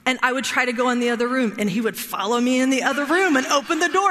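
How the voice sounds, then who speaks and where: A woman's voice: sits high, fast, few pauses, fairly bright tone, big-room sound, slight background noise. A woman teaching a marriage workshop in a conversational way, often checking in with her listeners. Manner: checks in often with "right?" and "all right?".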